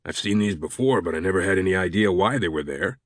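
A man's voice: low-pitched, lively intonation, fast, no room sound, clean studio sound. A man voicing a matter-of-fact male police chief. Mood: surprised.

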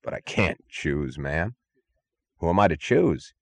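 A man's voice: low voice, lively intonation, a little slow, creaky, no echo, full character voice. A man reading an audiobook, voicing a frightened male guard who stammers and pleads in a whine. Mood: pleading, panicky.

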